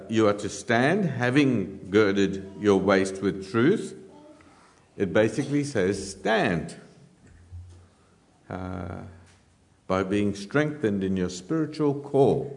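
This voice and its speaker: A man preaching a sermon, teaching in a measured way with frequent "uh" fillers and dry humour. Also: lowish voice.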